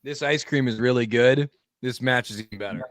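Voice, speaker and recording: A man co-hosting a live tennis watchalong from home, reacting with jokes and emphatic, drawn-out remarks. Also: medium pitch, no echo. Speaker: co-host. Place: home streaming setup.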